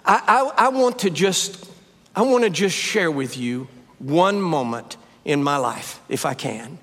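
Older preacher with a high, ringing voice. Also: male voice, a little slow. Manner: animated, rising to high emphatic peaks. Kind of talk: sermon with storytelling. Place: church sanctuary. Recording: live sermon with long reverb.

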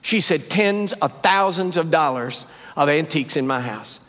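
Older preacher with a high, ringing voice. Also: male voice, moderate pace. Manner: animated, rising to high emphatic peaks. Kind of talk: sermon with storytelling. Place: church sanctuary. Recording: live sermon with long reverb.

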